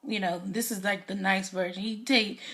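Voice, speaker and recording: A woman's voice: medium pitch, fairly even intonation, moderate pace, a bit bright. Chatty woman recapping a TV episode. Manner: chatty, enthusiastic, filler-heavy. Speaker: YouTube TV recap reviewer.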